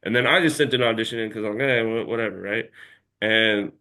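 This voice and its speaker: A man's voice: on the low side, a little fast, pushed and bright. A man telling a long story as an interview guest in a casual chat, rambling and packed with filler words.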